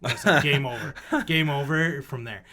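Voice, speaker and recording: A young man co-hosting a casual podcast, telling stories in an animated way, cursing freely and acting out voices of his family. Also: fairly high pitch, moderate pace, a little hiss or hum. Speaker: podcast co-host. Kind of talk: casual chat.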